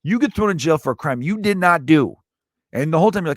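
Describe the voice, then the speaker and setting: Brief: Chicago comic, man, animated profane podcast rant, dry close-miked sound. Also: fast talker, no echo. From Chicago, USA. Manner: animated, profane, swings from loud to low. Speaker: stand-up comedian and podcaster. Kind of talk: comedic rant.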